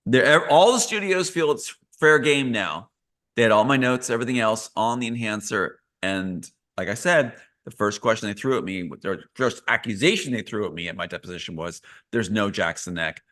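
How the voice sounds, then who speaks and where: Give me an emphatic man in a live interview, medium pitch, earnest. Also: animated, brisk, a bit bright. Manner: earnest, emphatic, repeats key phrases. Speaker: interview guest, writer.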